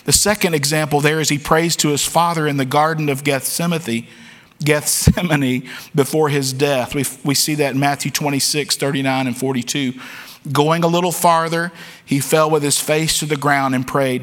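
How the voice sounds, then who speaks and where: Guy preaching in church, kinda high voice, long echo tail from the hall, earnest and repeats himself a lot. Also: steady tone, normal speed, a bit bright. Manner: earnest, candid preaching with frequent word repeats. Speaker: pastor. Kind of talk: sermon.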